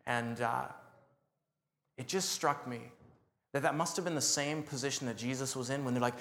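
A pastor with a medium-pitched voice preaches a sermon at a moderate pace in a reverberant space. He tells animated stories with laughter and acts out what people said.

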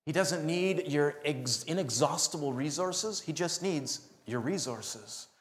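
Man, lively storytelling sermon, echoey room. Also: fairly high pitch, unhurried. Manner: animated storytelling with laughs and acted quotes. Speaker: pastor.

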